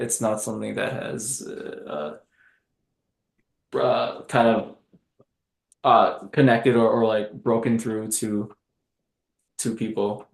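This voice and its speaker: A man, a film director being interviewed, talking in a halting, hesitant way with many restarts. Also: medium pitch, gravelly. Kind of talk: casual interview chat. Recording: echoey room.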